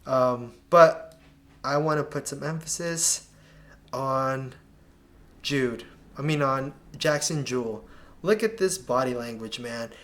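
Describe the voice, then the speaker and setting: A man's voice: medium pitch, takes it slowly, pauses often, fairly bright tone. A man commentating over match footage in a casual video breakdown, critiquing players with exasperated asides and slang. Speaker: soccer analyst.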